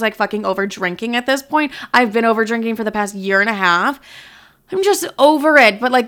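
A woman's voice: medium pitch, sharp tone, clear, resonant tone. A young woman in her twenties hosting her podcast from home, chatting casually and joking with lots of swearing. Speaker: podcast host. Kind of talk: casual chat.

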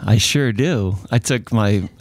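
Deep-voiced man telling stories. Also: takes it slowly, no echo, studio quality. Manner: relaxed anecdotal storyteller. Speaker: podcast co-host. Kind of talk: casual storytelling chat.

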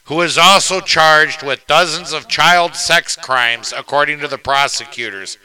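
Male podcast host, bright and sharp tone, crude jokey news reader. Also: a little high, a little slow, low-quality recording. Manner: joking, profane, reads news aloud then riffs. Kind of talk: casual crude chat.

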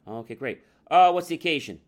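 A man's voice: fairly high pitch, animated, a little fast, voice pushed up, close to an everyday voice. A man acting out a pushy, prying male shoe salesperson who chats eagerly and asks personal questions. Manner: chatty, eager, nosy.

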